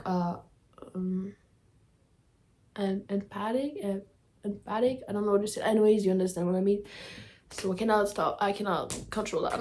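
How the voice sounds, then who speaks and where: Young woman chatting in a halting, apologetic way. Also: medium pitch, warm tone. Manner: halting, searching for words, apologetic. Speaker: reaction video host. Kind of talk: emotional reaction vlog chat.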